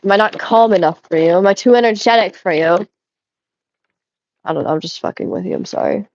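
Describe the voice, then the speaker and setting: A woman's voice: medium pitch, brisk, darkish tone, dull audio. A young woman streaming as she cleans at home, chatting playfully and teasing her viewers in a rambling way. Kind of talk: casual chat while cleaning. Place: indoors at home.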